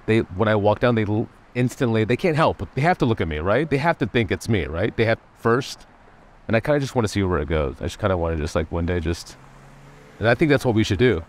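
A man's voice: on the low side, animated, fast talker. A man chatting casually in a rambling, hesitant way.

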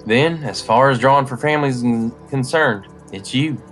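A man voicing a brisk, businesslike village official who calls names and directs the drawing. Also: mid-range voice, soft background music, pitched above the performer's own voice, close to an everyday voice. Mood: directing. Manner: brisk, formal, gently firm.

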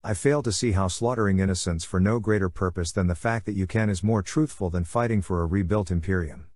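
A man's voice: low voice, a little fast, darkish tone, no room sound, clean studio sound. A man voicing a grim, terse male warrior held captive, speaking in curt, spitting retorts. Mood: defiant. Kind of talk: audiobook character voice.

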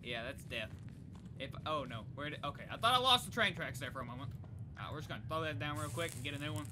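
A young woman gaming YouTuber giving excitable, chatty let's play commentary. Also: low-pitched, fast talker, background noise. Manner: excitable, chatty, reacts out loud.

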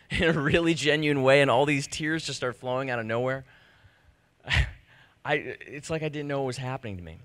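A man in his thirties telling a personal story to a live audience, animated and self-deprecating, acting out the conversations he recounts. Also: mid-range voice, normal speed, dry recording. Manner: animated, self-deprecating, acts out quoted exchanges. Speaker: speaker giving a personal talk. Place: stage before an audience.

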